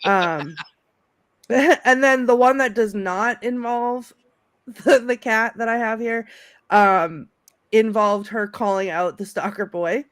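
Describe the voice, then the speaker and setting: A woman co-hosting a casual film chat over a video call, lively and laughing as she acts out favorite quotes. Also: on the high side, slow, smooth, no echo, clean studio sound. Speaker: podcast co-host.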